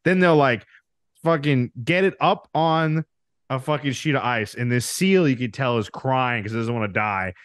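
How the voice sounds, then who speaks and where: A man's voice: mid-range voice, normal speed, clear, resonant tone, no room sound, studio quality. A man co-hosting a podcast, ranting in casual chat with lots of swearing. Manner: animated ranting, heavy swearing. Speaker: podcast co-host.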